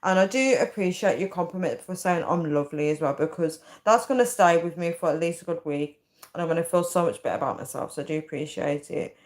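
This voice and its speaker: A tired but chatty woman in her thirties reads out comments on a casual live stream, often breaking into giggles and laughter. She talks fast in a fairly low voice.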